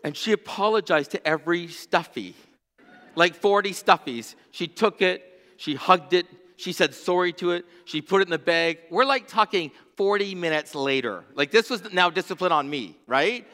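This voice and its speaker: A middle-aged man preaching a sermon as pastor, with impassioned, rhythmic repetition that swings from hushed to near-shouting. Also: high voice, lively intonation, moderate pace. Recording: long reverb of a large hall.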